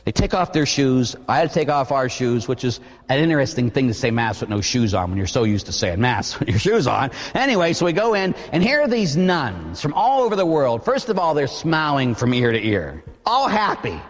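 Male priest, sermon, lively swooping delivery, church hall reverb. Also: medium pitch, brisk, hardly any pauses. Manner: animated storytelling, preaching with emphatic questions.

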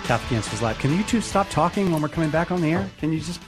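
Animated male radio host. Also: on the high side, very fast, over loud music. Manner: teasing, animated, laughs often. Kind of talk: live call-in radio talk.

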